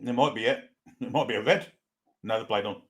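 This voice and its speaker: A man's voice: medium pitch, fairly quick. A man co-commentating a match for fans, blunt and sweary, laughing often. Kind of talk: fan watchalong banter.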